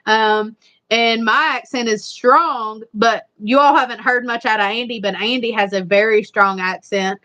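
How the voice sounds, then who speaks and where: A woman's voice: a little high, fairly even intonation, a little slow, bright, forceful tone. Chatty Eastern Kentucky Appalachian woman. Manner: rambling, repetitive, chatty. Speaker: livestream host. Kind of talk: casual live chat.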